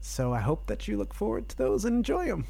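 A man co-hosting a podcast in casual chat, upbeat and quick to laugh. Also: high-pitched, wildly swooping pitch, creaky, dark tone. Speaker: podcast co-host.

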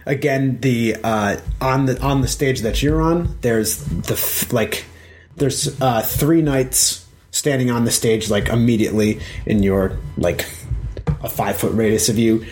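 A man's voice: medium pitch, unhurried, a little mellow, slight background noise. A man running a tabletop game as dungeon master, narrating the scene in a loose, rambling way full of fillers and restarts.

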